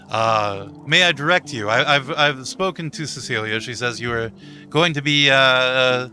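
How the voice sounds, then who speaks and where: A man's voice: mid-range voice, a little slow, pushed and bright, soft background music. A man voicing a prim, well-kept male goblin servant who stammers politely.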